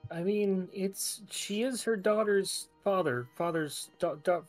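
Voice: mid-range voice, slow, soft background music. A young adult player at a tabletop game, chatting in a self-deprecating, laughing way. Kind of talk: tabletop role-play chat.

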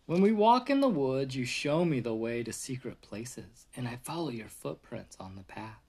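A father reading a picture book aloud to his toddler in a gentle storybook voice, with a short cheerful hello to his viewers. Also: medium pitch, big pitch swings, normal speed.

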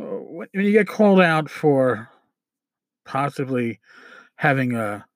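Lively rambling male podcast host. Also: mid-range voice, no room sound. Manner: rambling and irreverent, with profanity and asides; stumbles over words while reading aloud. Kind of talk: casual podcast chat.

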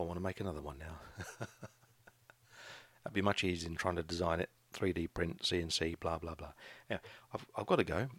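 Gravelly low-voiced man rambling. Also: fairly bright tone, no room sound. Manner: rambling, hesitant, with frequent restarts. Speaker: podcast host, craft shop owner. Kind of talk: casual solo podcast ramble.

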